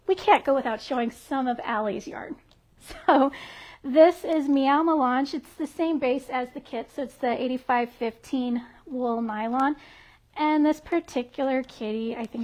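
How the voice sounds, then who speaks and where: A woman's voice: sits high, a little mellow. A woman who works at a yarn shop, presenting products on a livestream in a bubbly, giggly, friendly way. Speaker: yarn shop staff member.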